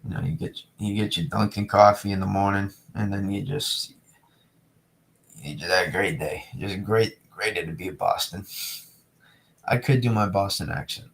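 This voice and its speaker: Low gravelly young man chatting on stream. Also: moderate pace, a bit bright. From New England. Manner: rambling, repeats himself, talks to chat. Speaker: weather streamer. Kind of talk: casual live-stream chat.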